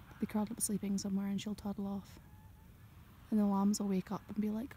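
A young woman talks in a soft-spoken ASMR half-whisper as she walks through a sheep field. Her voice is mellow and gentle, and she keeps up a chatty murmur. Faint outdoor noise sits behind her. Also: medium pitch, monotone, quick pace. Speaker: ASMR creator and farmer.

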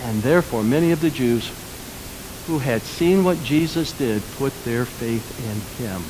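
A man pastor preaching a sermon, swinging between loud, emphatic lines and quiet, lowered ones. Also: expressive, a little slow, background noise.

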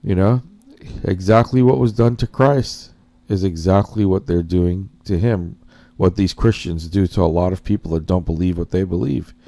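A man's voice: low-pitched, normal speed, dark tone, no room sound. A man hosting a casual reaction commentary, rambling and addressing his viewers as guys while he searches for words and corrects himself. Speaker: commentary host.

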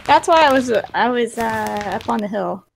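A woman's voice: a little high, lively intonation, normal speed, gravelly, noisy background. A young woman chatting in a multiplayer game, bubbly and prone to dramatic exclamations. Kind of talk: casual multiplayer game chat.

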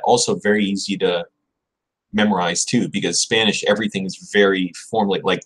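A man hosting a casual livestream, thinking aloud and chatting with viewers while he drills verb conjugations, repeating words slowly and correcting himself. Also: sits low, a little hiss or hum, rough recording. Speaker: livestream host studying Spanish.

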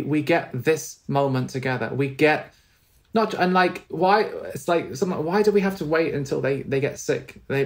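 Male guest, tender, halting delivery, conversational storytelling, mid-range voice. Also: medium pitch. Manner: halting, many restarts, tender and earnest. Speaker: spiritual teacher, podcast guest.

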